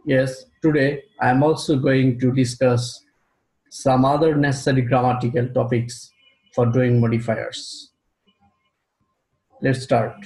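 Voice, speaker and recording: A man teaching an English grammar lesson, speaking slowly and deliberately and repeating key terms for his students. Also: mid-range voice, steady tone, a little mellow. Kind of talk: recorded classroom lecture. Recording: roomy echo.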